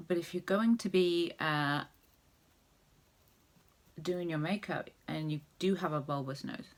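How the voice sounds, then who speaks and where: A woman vlogger chatting casually through a makeup tutorial, rambling with jokey asides. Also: deep voice.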